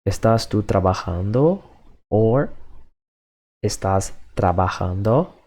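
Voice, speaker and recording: A man with a lowish, mellow voice leads a beginner language drill. He speaks slowly and patiently, saying each phrase several times before moving to the next. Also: animated. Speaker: language teacher. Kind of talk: slow, repetitive lesson drills.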